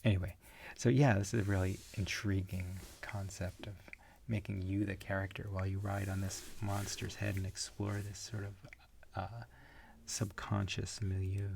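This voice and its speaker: A man teaching an online comics class in a relaxed, rambling way, with frequent fillers. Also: low voice, normal speed, vocal fry, a little hiss or hum. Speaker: comics instructor. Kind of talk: online lecture.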